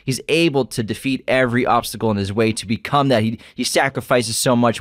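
A man co-hosting a film podcast, rambling excitedly and restarting his sentences. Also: lowish voice, no echo, studio quality. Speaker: podcast co-host. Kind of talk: casual film discussion.

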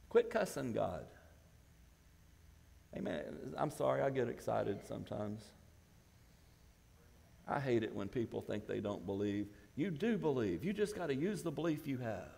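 A male pastor, possibly, preaching a sermon that builds to shouted emphasis. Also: on the high side, sing-song, moderate pace, gravelly. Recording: church hall with long reverb.

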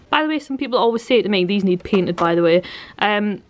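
A woman's voice: medium pitch, animated, fairly quick, slight background noise. Young woman rambling to her camera at home, lots of likes and ums. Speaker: vlogger. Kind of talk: casual home vlog chat. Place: at home, indoors.

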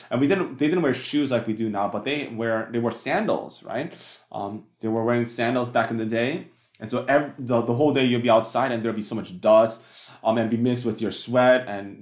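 A male pastor giving a conversational sermon, stumbling through fillers and restarts and often checking in with the congregation with a rhetorical "right?". His voice sits at an ordinary middle pitch and carries the roomy echo of a church hall.

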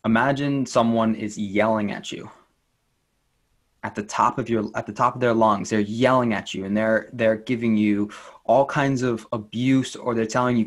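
Interview guest, man, coach type, lowish voice, earnest and encouraging. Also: fairly even intonation, moderate pace. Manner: earnest, gentle and encouraging, with repetition for emphasis. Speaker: inner child life coach. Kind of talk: interview guest, reflective talk.

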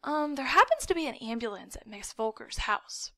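A woman's voice: a little high, normal speed, pushed and bright, no room sound. A woman voicing a frightened, dramatic young boy who wails and pleads in a storybook reading. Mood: sheepish. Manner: wailing, breathless, pleading.

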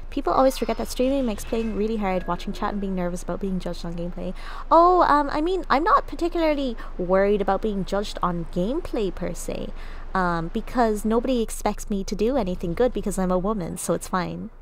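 Gravelly young woman streaming a game. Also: medium pitch, lively intonation, fairly quick, a little hiss or hum. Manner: playful self-mocking, swearing, talking to chat. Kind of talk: live gameplay streaming chat.

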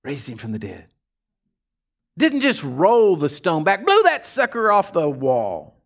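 A pastor preaching a sermon, telling folksy stories in a casual drawl and swinging from hushed asides to fired-up shouts. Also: male voice, a little high, huge pitch swings, a little slow.

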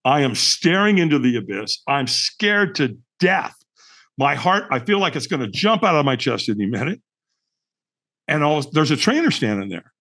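A man's voice: a little high, big pitch swings, moderate pace, a bit bright. A middle-aged man, a podcast guest, telling a personal story in an emphatic, dramatic way, full of rhetorical questions. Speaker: podcast guest, firewalk instructor.

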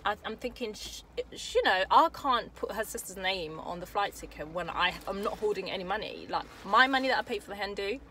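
A woman's voice: mid-range voice, lively intonation, a little fast, few pauses, bright, forceful tone, a little hiss or hum. A woman casually telling a long story to camera while sitting in a car, rambling with restarts and asides. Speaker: vlogger.

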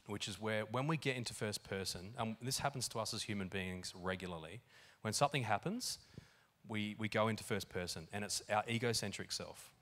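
A man preaching a sermon in an animated, conversational way, with lots of fillers. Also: lowish voice. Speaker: pastor. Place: church hall.

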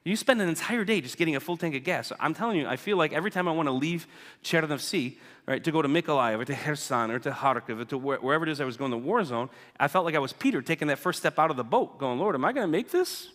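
A man's voice: a little high, animated, quick pace, fairly bright tone. A man giving a casual, joking church talk about his mission work, often asking "right?" and acting out what people said. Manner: chatty, keeps asking "right?", acts out quoted people. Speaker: guest speaker reporting on mission work. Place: church sanctuary. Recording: church hall with long reverb.

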